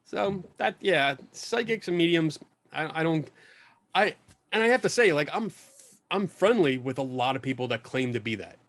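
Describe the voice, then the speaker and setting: A man being interviewed about investigating paranormal claims, telling a long story with animated restarts and asides over a video call. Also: a little high, normal speed, no echo. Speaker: guest, skeptical paranormal investigator.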